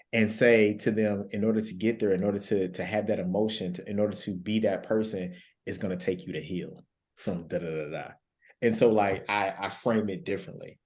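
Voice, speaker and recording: A man's voice: on the low side, a little mellow. A man speaking as a guest life coach on a panel, telling stories earnestly and repeating key phrases for emphasis. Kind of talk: panel discussion, storytelling.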